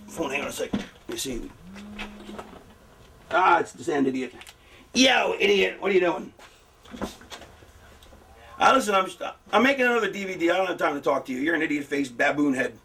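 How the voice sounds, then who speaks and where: A middle-aged man casually telling wrestling stories in an animated, profane way. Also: high voice, far from the mic, slight background noise. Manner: profane, animated, acts out quotes. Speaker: veteran wrestler explaining booking. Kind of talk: casual storytelling.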